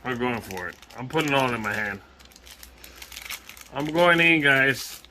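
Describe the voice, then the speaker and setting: A man from Hawaii with a Hawaiian accent, vlogging casually in a jokey, excitable way, swearing and laughing as he talks. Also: medium pitch, a little slow, slight background noise. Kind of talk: casual vlog.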